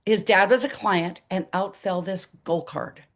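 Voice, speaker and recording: Older woman, interview guest, animated storyteller, mid-pitched voice. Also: a little slow. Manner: animated storyteller acting out dialogue.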